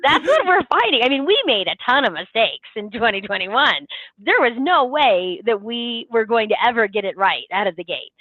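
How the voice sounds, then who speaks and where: A woman's voice: fairly high pitch, very animated, moderate pace, no echo. A woman who organizes a festival, answering interview questions earnestly, with filler words and phrases that trail off. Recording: tinny dry phone line.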